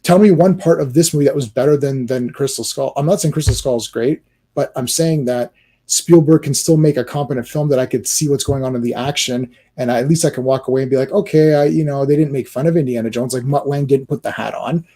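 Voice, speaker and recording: Ranting husky man on a livestream. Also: mid-range voice, quick pace. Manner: animated, ranting, frequent restarts and filler words. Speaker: livestream host. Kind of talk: casual movie-talk livestream.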